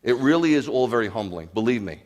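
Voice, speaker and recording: Male pastor, mid-pitch, animated storyteller working a congregation in a sermon. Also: fast talker, highs cut off. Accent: New York. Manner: animated, storytelling, asks the crowd questions.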